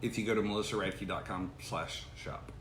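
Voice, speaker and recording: Dry, wisecracking man, bright tone. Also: on the low side, steady tone, moderate pace. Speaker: co-host. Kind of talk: casual live chat. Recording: echoey room with faint noise.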